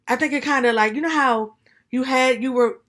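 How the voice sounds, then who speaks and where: A woman's voice: high voice, fairly quick, fairly bright tone. A young woman co-hosting a casual podcast, chatty and slangy, with rambling side notes. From DMV area, US. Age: young adult. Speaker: podcast co-host. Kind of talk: casual chat.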